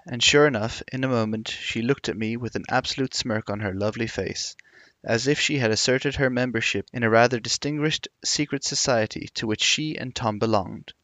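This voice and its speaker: A man narrating an audiobook in a measured, reflective reading voice. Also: mid-range voice, a bit bright, no echo. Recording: dull lo-fi recording.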